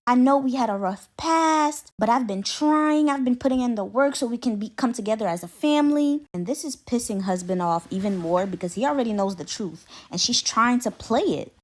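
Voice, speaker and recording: A woman telling a scary story in a casual, chatty way, acting out the characters' lines with her voice. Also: medium pitch. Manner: chatty, acts out dialogue with her voice.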